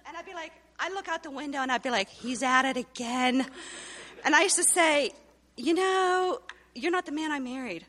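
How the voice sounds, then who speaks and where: A woman's voice: high-pitched, moderate pace, a bit bright, big-room sound. A woman telling her personal faith testimony as a story, acting out the dialogue she quotes. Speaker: testimony speaker.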